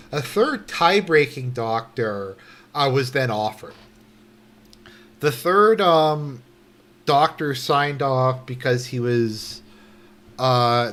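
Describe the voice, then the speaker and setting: A young man giving casual commentary while reading a news article aloud, indignant and sarcastic, swearing, halting and restarting often. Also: mid-range voice, a bit bright. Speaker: online commentator.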